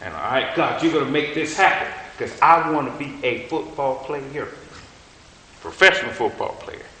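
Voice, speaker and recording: A man preaches in a loose, storytelling way, his forceful, bright voice ringing through a big reverberant hall. Faint noise sits under the long echo. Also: mid-range voice, moderate pace. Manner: storytelling, animated, colloquial. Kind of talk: sermon. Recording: echoey hall.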